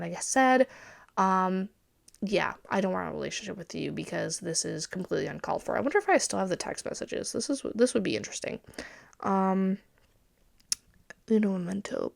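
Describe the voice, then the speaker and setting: A woman's voice: medium pitch, animated, moderate pace, vocal fry. A young woman hosting a personal podcast, talking candidly and bluntly about family, with occasional swearing. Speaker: podcast host.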